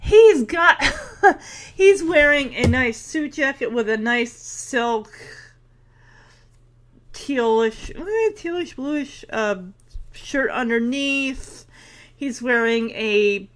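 A woman's voice: high voice, expressive, very slow, pauses often. Giggly woman recapping a show. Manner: chatty and giggly, laughs often. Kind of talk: casual recap chat.

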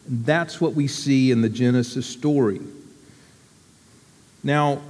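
A man giving a sermon to his church community in a reflective, unhurried, deliberate way. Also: a little high, a little mellow, big-room sound.

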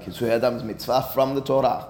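A man's voice: mid-range voice, flat delivery, a little fast, roomy sound, big-room sound, a crowd in the background. A man teaching a Talmud class as a rabbi, speaking emphatically and weaving Hebrew and Aramaic terms into his explanation.

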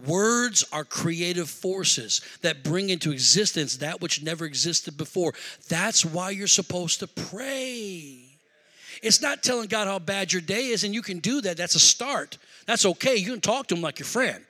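A man preaching a sermon through a personal story, animated, shouting at the high points and dropping low for asides, in a large hall. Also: moderate pace. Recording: echoey hall reverb.

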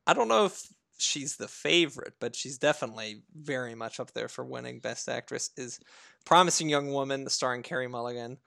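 A man co-hosting a casual film review podcast, laughing often and pausing to recall details. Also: mid-range voice, animated, gravelly, pushed and bright, no room sound, clean studio sound. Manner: laughs often, fillers and restarts while recalling. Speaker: podcast co-host.

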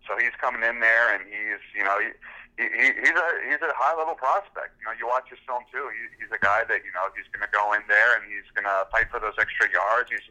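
A man, a recruiting reporter, talking as a podcast guest, halting with many fillers and repeated words. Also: on the low side, pushed and bright, rough recording. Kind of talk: casual interview talk.

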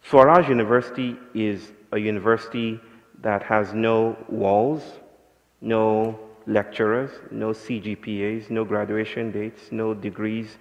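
Low-voiced man speaking poetically in a hall. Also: steady tone, measured pace, highs cut off. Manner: poetic, musing, builds to impassioned emphasis. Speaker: invited speaker. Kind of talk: reflective public talk. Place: lecture hall with audience. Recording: reverberant hall.

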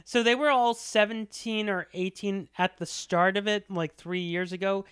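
A woman's voice: mid-range voice, steady tone, moderate pace, smooth, dry recording, clean studio sound. A woman co-hosting a podcast, telling a gossipy story in casual chat and swearing freely. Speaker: podcast co-host.

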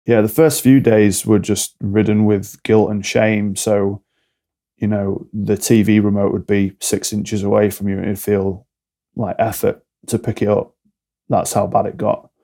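Gravelly, dark-voiced man. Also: on the low side, level tone, unhurried. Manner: explains with acted-out mini dialogues. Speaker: podcast guest, alcohol-free coach. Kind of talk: candid podcast conversation.

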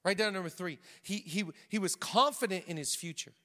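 A man preaching a sermon in a conversational, humorous, animated way in a church auditorium. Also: high-pitched, brisk, long reverb tail. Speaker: pastor.

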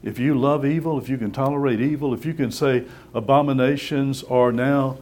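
Lively preaching man. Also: mid-range voice, normal speed. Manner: lively, conversational, acts out voices and asks rhetorical questions. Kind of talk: sermon.

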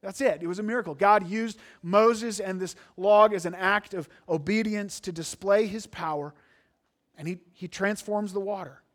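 Male pastor, high-pitched, earnest sermon delivery with emphatic stresses and frequent restarts. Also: moderate pace.

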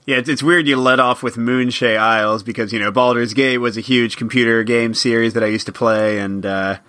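A man's voice: medium pitch, steady tone, a little fast, bright, forceful tone. A man co-hosting a board game podcast, chatting casually and walking through game rules with an upbeat manner and frequent fillers. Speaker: podcast co-host.

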